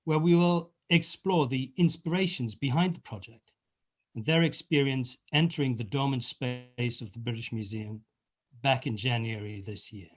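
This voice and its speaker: Man giving a formal introduction. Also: medium pitch. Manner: formal, measured. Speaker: host. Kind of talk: scripted introduction.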